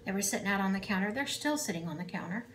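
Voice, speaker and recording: A woman's voice: mid-range voice, expressive, very fast, fairly bright tone, slight background noise. A middle-aged woman chatting casually to camera in her home kitchen, rambling with asides and fillers as she talks through a cooking vlog. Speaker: cooking vlogger.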